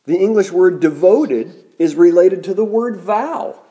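Mellow-voiced male pastor preaching. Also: high-pitched, animated, muffled recording. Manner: measured preaching, slows to stress key words. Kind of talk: sermon.

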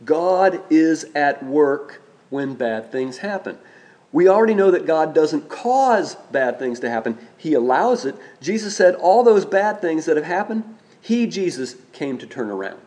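Man, preacher, measured sermon delivery, slightly high voice, repeats phrases for emphasis. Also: big pitch swings, darkish tone.

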